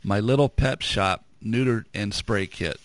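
A man's voice: on the low side, a little slow. A man co-hosting a radio program, reading out list items and dropping dry puns. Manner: dry punning quips. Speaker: radio co-host. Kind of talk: jokey radio banter.

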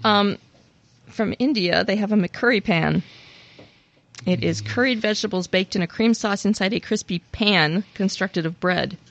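A woman's voice: mid-range voice, normal speed, highs cut off. A woman co-hosting a casual chat, reading out items with playful asides and frequent giggles. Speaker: podcast co-host.

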